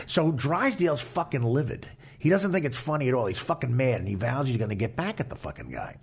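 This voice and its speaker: Gravelly, animated man telling a story. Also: medium pitch, brisk, hardly any pauses. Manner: profane, animated, laughing as he tells it. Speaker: podcast host telling a story. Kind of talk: casual storytelling.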